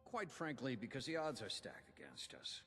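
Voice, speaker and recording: A proud, folksy old union inventor in a video game, his voice rising and falling with lively swings. There is a husky edge to it, and long reverb trails after each line. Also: mid-range voice, moderate pace, faint music behind, heavily acted. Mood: earnest. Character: gruff older male union inventor and quartermaster. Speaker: game character giving quest dialogue.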